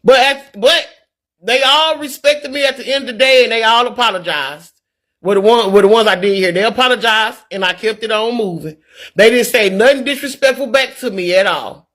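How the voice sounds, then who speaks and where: A woman's voice: fairly high pitch, moderate pace, a bit bright. A middle-aged woman talking candidly on a live stream, earnest and preachy, repeating words as she gets worked up. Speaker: livestreamer reading viewer comments.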